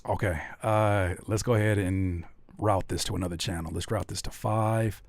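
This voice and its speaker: A young man, a rapper and producer, chatting loosely in slang while making a beat, playful and quick to laugh. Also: lowish voice, steady tone, a little hiss or hum. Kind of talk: casual chat while making a beat live.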